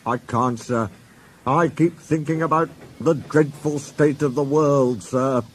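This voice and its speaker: A man's voice: medium pitch, fairly even intonation, slow pace, a little hiss or hum, pitched above the performer's own voice, close to an everyday voice. A man voicing a grumpy, mournful big male steam engine in a storybook reading. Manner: mournful, huffy.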